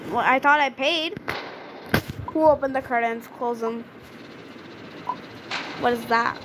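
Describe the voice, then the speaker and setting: A high-pitched woman talks through a video game in a relaxed, unhurried way, chatty and prone to excited outbursts as she reads the characters' lines aloud. A steady hiss of background noise sits under her voice. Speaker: gaming video creator. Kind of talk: casual gameplay commentary.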